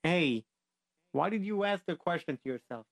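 A man's voice: on the high side, lively intonation, moderate pace, vocal fry, no echo, studio quality. A man telling a story to children, rambling and playful, interrupting himself and bantering.

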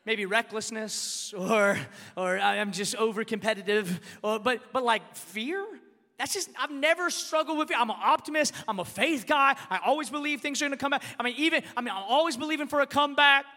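Brief: male pastor, high and bright, emphatic storyteller, repeats himself, big reverberant hall. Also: a little fast. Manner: animated and emphatic, repeats words, rises to shouts. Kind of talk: storytelling sermon.

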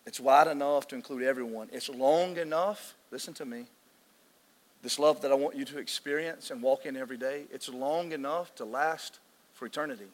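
A man preaching a sermon as pastor, emotional and excitable, often restarting his sentences. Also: mid-range voice, fairly quick. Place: large church hall. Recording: long hall reverb.

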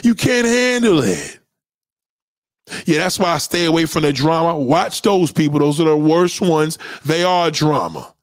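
A man's voice: a little high, lively intonation, measured pace, dry recording, clean studio sound. A man in a heated, profane livestream rant, lecturing his audience.

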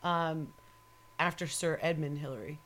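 A woman's voice: sits low, steady tone, measured pace, a bit bright. A woman in casual chat as a co-host, rambling and opinionated, swearing freely and laughing often. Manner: laughs often while talking.

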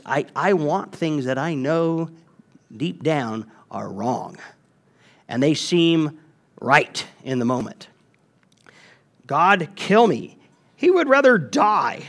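A man delivers a sermon with an animated, emphatic manner, often restarting his phrases. His voice sits a little high and swings widely in pitch. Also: takes it slowly, vocal fry, long pauses. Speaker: pastor.

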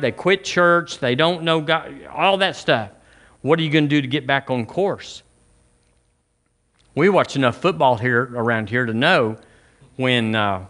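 A man's voice: medium pitch, a bit bright. A man preaching a sermon, talking conversationally to the congregation and asking them questions, often restarting and repeating phrases. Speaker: pastor.

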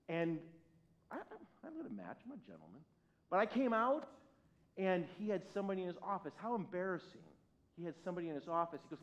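A male pastor delivers a sermon with a lively, self-deprecating storytelling style, his speaking voice sitting a touch high for a man. The recording is dull and lo-fi, with the crisp top end missing. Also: brisk, pauses often. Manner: animated, self-mocking storytelling with wide swings in loudness. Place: church service. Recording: dull lo-fi sound.

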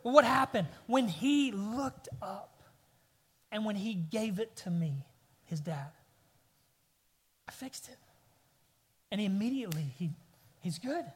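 A man's voice: sits high, lively intonation, takes it slowly, long pauses, breathy edge. A man in his thirties preaching a sermon, telling a family story with rising bursts of emphasis. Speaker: pastor. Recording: long hall reverb.

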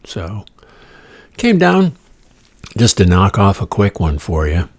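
Gravelly man rambling through a comic podcast. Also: sits low, huge pitch swings, slow. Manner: profane, digressive, playful asides and whispered jokes. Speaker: podcast host. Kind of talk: rambling comedic monologue. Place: condominium room.

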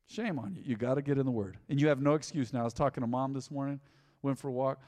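A male pastor preaching a sermon in a church hall, animated and conversational, often repeating his points. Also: mid-range voice, fast talker. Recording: long hall reverb.

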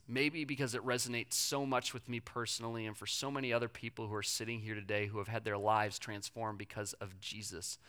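A preacher gives a sermon in a bright, forward voice, talking straight to the listeners. The delivery is dramatic, rising to loud emphasis and then dropping soft and slow. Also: mid-range voice. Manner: addresses listeners directly.

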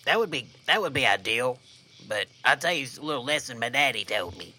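A man's voice: mid-range voice, fairly quick. Folksy man telling a campfire tale. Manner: folksy, drawling deadpan delivery. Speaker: podcast co-host and storyteller. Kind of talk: comedic campfire storytelling.

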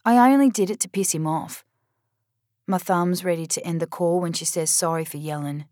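A woman's voice: lowish voice, moderate pace, darkish tone, no room sound, clean studio sound. A woman reading a novel in first person, blunt and wry. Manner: blunt, wry, streetwise teen narrator voice. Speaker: audiobook narrator. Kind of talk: first-person audiobook narration.

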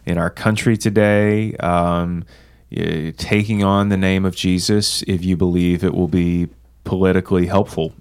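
A man, co-hosting a casual talk on church history, measured and explanatory with many filler words. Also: low-pitched, flat delivery, darkish tone, smooth. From American South. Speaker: podcast co-host.

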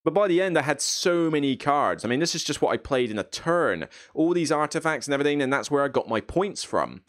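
A man hosting a board game channel, recapping a match in a lively, storytelling way, laughing and acting out his own reactions. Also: fairly high pitch, brisk. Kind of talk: casual gameplay recap.

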